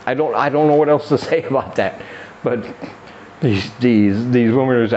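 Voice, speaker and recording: With a darkish tone and normal pace, a male podcast host meanders through a crude comedy monologue, putting on a higher pitch whenever he acts out someone's quoted words. The recording sounds muffled, with a little hiss or hum.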